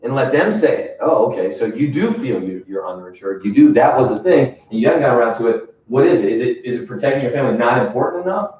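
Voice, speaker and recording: A man runs a sales training session in an emphatic coaching style, often checking in with "right?". He talks fast and animatedly with hardly any pauses, in a medium-pitched, slightly mellow voice. The recording sounds distant, dull and echoey.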